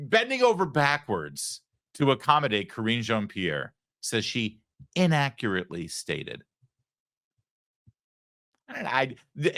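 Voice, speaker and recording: Animated sarcastic male commentary host. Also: fairly low pitch, dry recording, studio quality. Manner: sarcastic, animated, acts out quoted voices. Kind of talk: opinion monologue.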